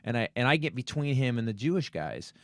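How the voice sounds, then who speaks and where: A middle-aged man hosting a comedy podcast, telling stories in a lively way and acting out other people's lines. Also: mid-range voice, quick pace, no room sound, clean studio sound. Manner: animated, acts out other people's voices, swears casually. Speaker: podcast host. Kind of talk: comedic storytelling chat. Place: podcast studio.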